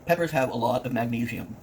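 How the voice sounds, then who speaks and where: A man's voice: medium pitch, a little mellow, a little hiss or hum. A man talking casually to the camera while he eats, playful, humming and breaking into little sung bits between bites. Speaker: mukbang vlogger. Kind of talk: casual eating vlog talk.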